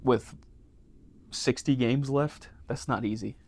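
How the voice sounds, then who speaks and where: A man's voice: mid-range voice, fairly even intonation, slow, a little mellow. A young man co-hosting a casual podcast, joking and teasing, laughing often. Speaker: podcast co-host. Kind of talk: casual chat.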